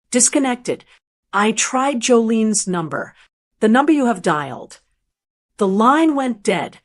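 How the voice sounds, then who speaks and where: Older woman narrating a family drama. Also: medium pitch. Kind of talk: scripted first-person storytelling.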